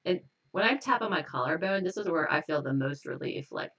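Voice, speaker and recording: A woman's voice: sits low, a little fast, distant mic, dull audio. Chatty woman guiding a tapping exercise. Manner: relaxed, chatty, laughs often, repeats affirmations. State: a little tired and stressed. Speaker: hypnotist leading a tapping exercise. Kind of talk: casual live stream, guided tapping.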